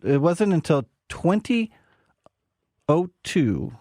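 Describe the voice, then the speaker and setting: A man's voice: on the high side, very animated, slow pace, warm tone, no echo, clean studio sound. A man co-hosting a radio show, telling stories in a playful, chatty way. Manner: storytelling, playful. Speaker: whiskey segment co-host. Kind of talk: casual radio chat.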